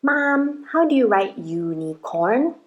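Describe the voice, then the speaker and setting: A woman voicing a young kindergarten child in an acted demonstration, slowly sounding out letters and asking her mother for help with spelling. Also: fairly high pitch, sing-song, dull audio. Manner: slow, drawn-out sounding out of letters. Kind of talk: acted parenting demonstration skit.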